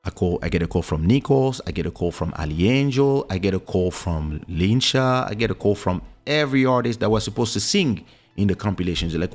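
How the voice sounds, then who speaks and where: Male podcast host with a lowish voice, lively storyteller who acts out quotes, soft music underneath. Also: fairly quick. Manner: animated, acts out quoted speech with big pitch jumps. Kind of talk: casual storytelling. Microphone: studio microphone.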